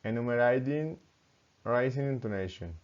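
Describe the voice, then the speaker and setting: A man who is a student, reading pronunciation drills aloud slowly and carefully, word by word. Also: medium pitch, highs cut off.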